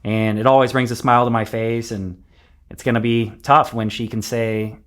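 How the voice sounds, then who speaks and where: A man in his thirties, a podcast guest, chatting casually in a soft-spoken, reflective way that often trails off quietly. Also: medium pitch, fairly even intonation, normal speed. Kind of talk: casual interview chat.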